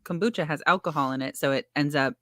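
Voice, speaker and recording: A woman from Wisconsin with a light Wisconsin accent, co-hosting a casual podcast chat with wry, deadpan quips. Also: low voice, fast talker, no room sound, clean studio sound. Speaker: podcast co-host.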